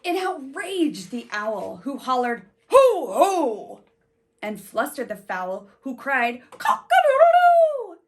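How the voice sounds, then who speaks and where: A woman reads a picture book aloud to children in a lively, sing-song voice that swoops up and down. Her voice sits a little high, and she takes her time, pausing to ask her young listeners questions. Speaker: storybook reader.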